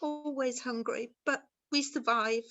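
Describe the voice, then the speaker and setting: A woman's voice: high voice, fairly even intonation, unhurried, bright, forceful tone, dull audio. A woman playing a ghostly young mother who speaks in archaic thee-and-thou language, earnest and pleading, in an amateur stage drama. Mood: troubled.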